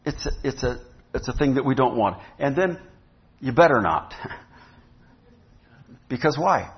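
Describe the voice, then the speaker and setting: A man's voice: mid-range voice, animated, unhurried. A man preaching a sermon to his church in a conversational way, often asking the congregation questions. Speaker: pastor. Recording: dull lo-fi sound.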